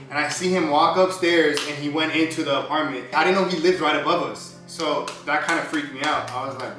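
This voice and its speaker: A young man casually tells a story on his vlog, using slangy speech and acting out what people said with animated flair. His voice is a little high and fast. He's recorded off-mic at a distance in an echoey room, with music behind him.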